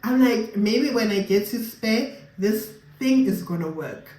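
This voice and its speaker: A woman's voice: a little high, lively intonation, measured pace, a little mellow. A young South African woman with a South African accent, chatting casually to her viewers and slipping Sesotho phrases into her English. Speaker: vlogger. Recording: roomy with faint background noise.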